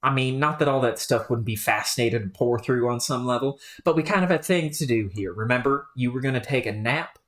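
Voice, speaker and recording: A woman voicing a cool, deadpan teenage boy who talks in a flat, laid-back, dry way. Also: a bass voice, fairly quick, hardly any pauses, voice pushed down.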